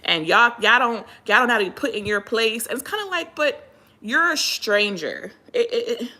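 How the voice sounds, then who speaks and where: A woman from Pennsylvania in the middle of a casual livestream rant, her voice bright and forward. She sounds animated and exasperated, and she stops to greet viewers by name before picking the thread back up. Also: a little high, normal speed. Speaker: livestream host.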